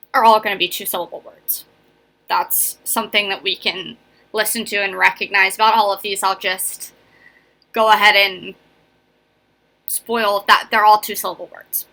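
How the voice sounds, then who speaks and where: Bright-voiced chatty woman teacher. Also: medium pitch. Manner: chatty and encouraging, often checking in with "right?" and "okay?". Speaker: elementary school teacher. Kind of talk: casual classroom video lesson.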